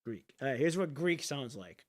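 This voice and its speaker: A man chatting casually to his viewers, rambling and thinking out loud with the odd swear. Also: medium pitch, sing-song, normal speed. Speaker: streamer.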